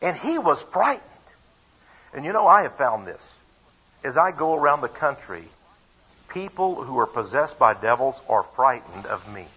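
A man preaches a sermon before a live congregation, reading scripture and telling a personal story, emphatic and fond of rhetorical questions and repeated phrases. His medium-pitched voice is husky and sharp, with big pitch swings at a moderate pace. The recording is dull and lo-fi.

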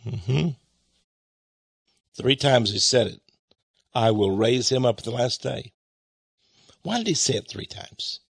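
A man's voice: mid-range voice, expressive, slow, vocal fry, pauses often, husky, no room sound, clean studio sound. A man preaching and commenting on Bible verses, with emphatic rhetorical questions. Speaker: Bible teacher. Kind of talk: sermon-style Bible reading and commentary.

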